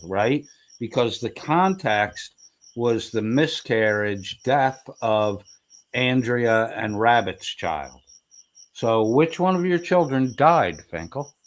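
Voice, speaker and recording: A man commentating heatedly over replayed clips, mocking and taunting in a profane way. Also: medium pitch. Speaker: streamer reacting to clips.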